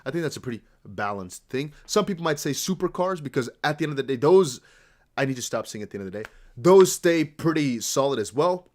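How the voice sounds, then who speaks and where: Crypto streamer, male, from the Netherlands, near-American accent, lively swinging delivery, loose off-the-cuff chatter. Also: mid-range voice, a little fast. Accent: American-sounding English with slight Dutch traces. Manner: rambling, animated, talks to chat. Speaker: crypto livestream host. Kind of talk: casual livestream chat.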